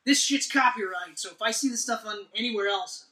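A man's voice: sits high, fairly quick, bright, forceful tone. A man co-hosting a casual movie chat, rambling and profane, acting out scenes as he retells them. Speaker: podcast co-host. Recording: echoey room, mic at a distance.

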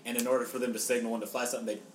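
A man playing along as a contestant in a casual quiz, telling meandering stories to explain his answers. His voice echoes in the room and sits far from the mic. Steady noise runs underneath. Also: medium pitch, very fast. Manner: rambling, loose storytelling. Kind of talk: casual chat. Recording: roomy, distant mic with noise.

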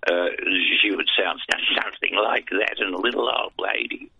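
Low, gravelly and slightly rough, the voice belongs to an older Australian man with no teeth, whose speech is gummy and moderately paced. He's a guest, a veteran broadcaster and voice artist, rambling in a casual interview through anecdotes with dry, self-deprecating humor. The tinny phone line is dry and free of echo.

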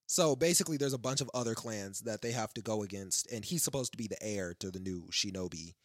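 A man's voice: on the low side, quick pace, no echo, studio quality. A young man chatting casually among friends, in laid-back slang with frequent restarts. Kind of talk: casual chat.

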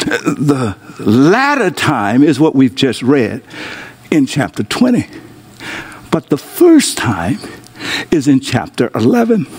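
A man preaching a sermon as pastor, calling on his online congregation to respond and swinging between soaring exclamations and low, intimate tones. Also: husky.

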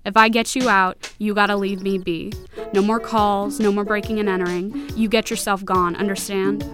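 A woman's voice: mid-range voice, flat delivery, moderate pace, music in the background, close to an everyday voice. A woman voicing a tough, wry Southern woman narrator with a Southern accent, blunt and dry. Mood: firm.

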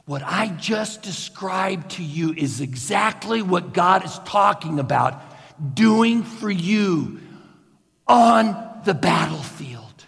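A man preaching a sermon as a slow, guided story, swinging from loud bursts to hushed near-whispers. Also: sits high, expressive, creaky, in a large hall. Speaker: pastor.

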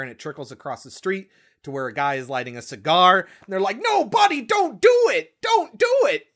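A man casually recapping a horror film on a podcast, swearing and acting out scenes. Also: medium pitch. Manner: animated storyteller, swears, slips into voices. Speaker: podcast co-host.

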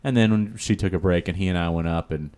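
Male, low-pitched, rambling storyteller for casual podcast talk. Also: quick pace, darkish tone, smooth. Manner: rambling storyteller, lots of fillers and "he's like". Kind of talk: casual chat.

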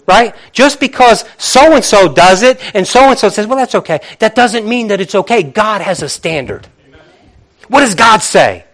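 A middle-aged man preaching a sermon in a conversational, animated way, acting out little quotes as he goes. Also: high voice, a little slow. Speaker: pastor.

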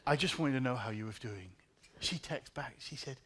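A man preaching a sermon at a middle pitch. He tells personal stories, often dropping his voice low and soft before rising with feeling. He repeats his key lines and invites the congregation to say them with him. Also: normal speed, a little hiss or hum. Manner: personal storytelling with emotional swings, soft then rising. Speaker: pastor.

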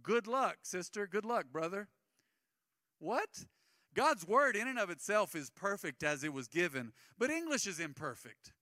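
A man's voice: sits high, sing-song, a little slow, sharp tone, no echo, studio quality. A man preaching a sermon as pastor, conversational and acting out the people he quotes.

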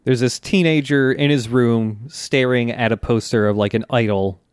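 A man's voice: mid-range voice, fairly even intonation, moderate pace, clear, resonant tone, dry recording, clean studio sound. A man co-hosting a podcast, chatting casually as he retells anime scenes and laughing often. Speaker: podcast co-host. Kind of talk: casual chat recapping an anime.

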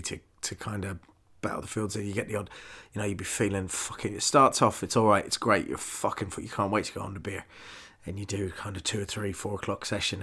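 A man with a fairly low voice hosts his own podcast alone, talking straight into a podcast mic. He rambles loosely from one thought to the next, swears in nearly every sentence and laughs easily as he goes. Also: a bit bright. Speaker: podcast host. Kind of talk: casual solo podcast monologue. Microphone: podcast microphone.

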